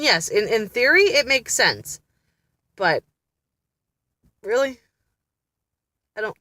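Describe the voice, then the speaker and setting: A woman's voice: lowish voice, pushed and bright, no echo. A woman chatting candidly to camera as a mother, blunt and often laughing as she talks. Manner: exasperated, blunt. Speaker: mother vlogging about family therapy. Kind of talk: casual vlog chat.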